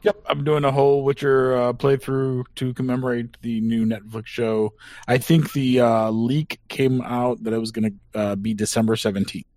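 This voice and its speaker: Male guest, even mid-range voice, dry mic. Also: mid-range voice, normal speed, no room sound. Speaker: podcast guest. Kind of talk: casual chat.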